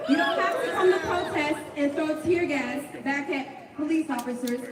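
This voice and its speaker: A woman's voice: high voice, lively intonation, normal speed. A woman giving a nervous but fiery speech at an outdoor protest, often asking the crowd "all right?". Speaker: protest speaker. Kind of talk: impassioned rally speech. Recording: echoey, distant, loud crowd and street noise.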